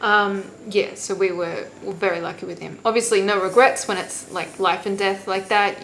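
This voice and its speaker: A woman's voice: mid-range voice, steady tone, moderate pace, gravelly, fairly bright tone, a little hiss or hum, low-quality recording. A young woman vlogger telling a personal story in casual, candid talk, swearing freely and acting out what others said.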